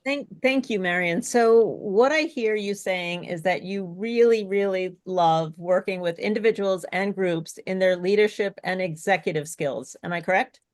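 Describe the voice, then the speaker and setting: A woman's voice: medium pitch, normal speed, few pauses. A woman speech coach presenting an online workshop, encouraging and checking in with her co-presenter and the audience. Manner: encouraging, asks checking questions. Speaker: speech coach, co-host of webinar.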